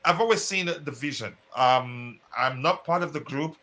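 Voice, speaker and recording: Bright-voiced man hosting a football chat. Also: mid-range voice. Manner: rambling, halting, many fillers and restarts. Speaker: host. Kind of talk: casual live football chat.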